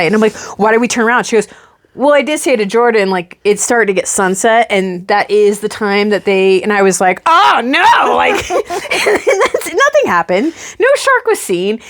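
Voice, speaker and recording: A woman in her thirties co-hosting a casual chat, telling a story with lots of swearing and acting out her own panic. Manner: animated, swears freely, acts out her own panic with big pitch jumps. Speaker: podcast co-host.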